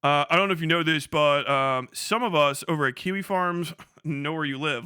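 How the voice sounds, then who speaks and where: A young man streaming live and riffing in loose, profane commentary, mocking and laughing between rants. His voice is bright and sharp and sits a little high for a man. The sound is dry and close, with no room around it. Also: normal speed, smooth, dry recording. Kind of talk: casual livestream commentary.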